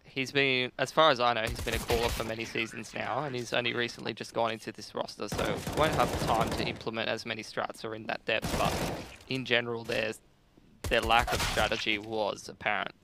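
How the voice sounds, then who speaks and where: A man with a gravelly voice giving measured, dry analysis of an esports match and dropping wry asides. Clear noise sits behind his voice. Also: mid-range voice, little pitch movement. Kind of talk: esports colour commentary.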